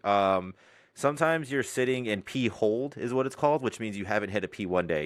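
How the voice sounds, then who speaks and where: A man who is a Navy drill instructor, answering interview questions in a relaxed, rambling way with laughs between points. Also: fairly low pitch, clean tone, no room sound. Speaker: Navy recruit division commander, guest.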